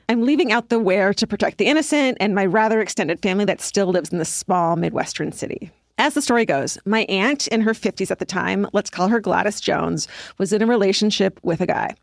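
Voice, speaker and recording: A woman's voice: mid-range voice, gravelly, no echo. Dry-voiced woman co-host reading aloud. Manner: animated storyteller, swears freely. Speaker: podcast co-host reading listener letters. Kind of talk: casual chat and reading listener stories aloud.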